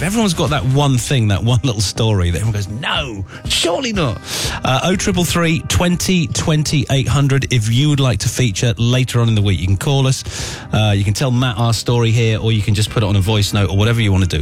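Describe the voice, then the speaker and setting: A man's voice: mid-range voice, animated, fast, hardly any pauses, faint music behind. A man hosting a drive-time radio show in a chatty, jokey, teasing way. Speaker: radio host. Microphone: studio microphone.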